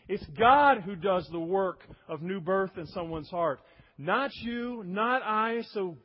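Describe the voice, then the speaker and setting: A man's voice: high-pitched, slightly rough, muffled recording. A man preaching a sermon, emphatic, acting out quoted voices as he goes. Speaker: pastor.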